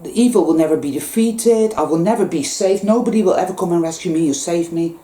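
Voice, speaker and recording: Intense, low-voiced woman in an echoey room. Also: mellow. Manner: intense, emphatic, swears freely, repeats phrases. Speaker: spiritual vlogger. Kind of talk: impassioned spiritual monologue. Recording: roomy echo.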